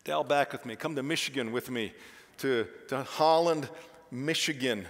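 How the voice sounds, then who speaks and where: Male pastor, mid-pitched, impassioned sermon delivery that drops to a hush and then rises loud; long hall reverb. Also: moderate pace. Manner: impassioned, swings from hushed to loud. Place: church sanctuary.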